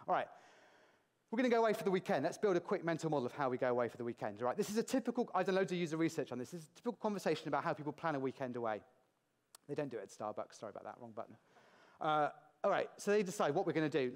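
A British man giving a lively, jokey conference talk to a large audience in a hall, asking the crowd questions as he goes. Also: on the high side. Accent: British English. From Britain. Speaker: conference speaker.

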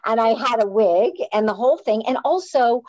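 On a live chat, a woman from Canada who writes books and plays spins a casual tale in a fairly high voice at normal speed. Animated and self-mocking, she keeps restarting her sentences. The recording is dull and dry, with no echo.

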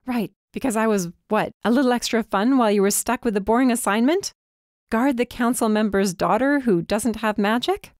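A woman voicing a frightened but defiant young female student, emphatic and often shouting. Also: a little high, normal speed, no room sound, studio quality, voice pushed up, lightly acted. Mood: angry. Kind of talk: audiobook character voice.

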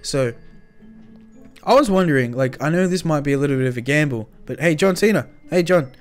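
Young male roleplay host, slangy and hyped, voice on the high side, faint music underneath. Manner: excitable, slangy, quick shifts between shouting and muttering. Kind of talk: improvised game roleplay.

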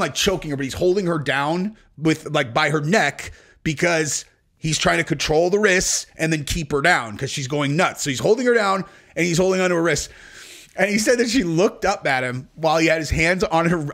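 A man in his forties hosts a podcast and tells a long, rambling story, swearing freely and breaking into laughter. His voice sits a little higher than most men's. He speaks casually, with many fillers. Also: fairly bright tone. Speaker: podcast host.

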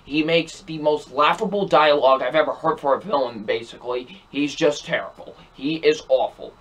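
A young man, exasperated, rants his way through a movie review at normal speed, hammering the same points repeatedly. His voice is fairly high for a man, and his delivery is emphatic and repetitive.

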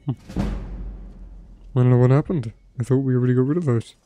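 A man's voice: mid-range voice, a little fast, warm tone, faint music behind. A young man casually commenting on his gameplay while streaming, playful and profane.

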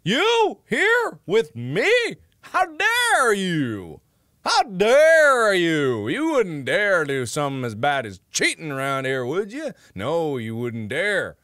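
A man putting on a slow, drawling, menacing voice to taunt would-be cheaters. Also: fairly high pitch, wildly swooping pitch, sharp tone, no echo, clean studio sound, pitched above the performer's own voice, heavily acted. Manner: slow, drawn-out, threatening.

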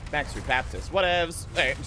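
A man streaming a video game, joking and swearing through casual gameplay commentary, breaking into sudden high-pitched outbursts. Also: lively intonation, moderate pace, background noise.

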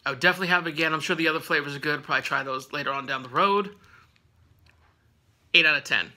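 A man's voice: a little high, brisk, long pauses, bright, forceful tone. A man hosting a casual snack review vlog at home, rambling with lots of fillers and laughing often.

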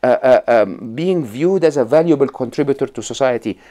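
A man's voice: medium pitch, expressive, a little fast, mellow. A middle-aged man from Egypt, a podcast guest telling stories and explaining ideas in a conversational interview, with many restarts and check-ins like "right?".

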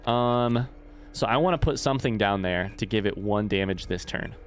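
A man's voice: lowish voice, moderate pace, slight background noise. A man streaming a video game, thinking aloud in casual commentary and swearing freely. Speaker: let's play streamer.

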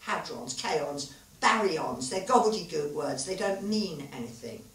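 A woman reading aloud as a tipsy male physicist who muses and rambles in a lively way. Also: sits low, a little slow. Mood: musing. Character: rueful man, tipsy physicist, musing. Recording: roomy live hall, far mic.

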